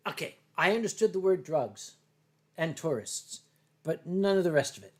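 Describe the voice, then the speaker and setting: Older man host, stammering, high-voiced. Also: big pitch swings, normal speed. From United States. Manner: rambling, stammering, self-deprecating. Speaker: livestream host. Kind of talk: casual chat reading viewer comments.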